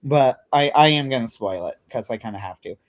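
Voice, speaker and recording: A man co-hosting a casual livestream chat, retelling a story with animated delivery and frequent filler words. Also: mid-range voice, fairly quick. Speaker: co-host.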